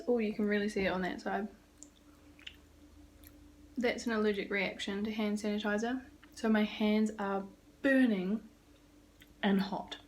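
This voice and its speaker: A young New Zealand woman with a New Zealand accent vlogs from a small rented apartment, rambling casually and swearing now and then. Her voice is medium-pitched, with a little hiss or hum in the recording.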